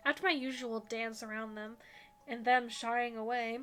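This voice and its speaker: A woman streamer reads a visual novel aloud, her voice bright and a little high as she narrates. She is animated and giggly, breaking off into chatty asides, and faint music hums behind her. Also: moderate pace, clean tone.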